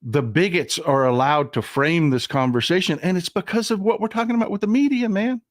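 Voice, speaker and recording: A man's voice: on the high side, a little fast, no room sound, studio quality. A man hosting a casual political chat show, talking conversationally with plenty of fillers. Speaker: podcast host.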